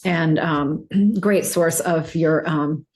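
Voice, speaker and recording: A woman's voice: low voice, takes it slowly, a little mellow. A woman nutrition coach, talking casually over slides, rambling with many fillers and restarts.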